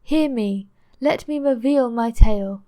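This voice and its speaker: Woman reading a heartbroken noble stranger, impassioned and louder, voice a bit high. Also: slow. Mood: anguished. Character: grief-stricken noble man, broken and despairing. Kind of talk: audiobook narration.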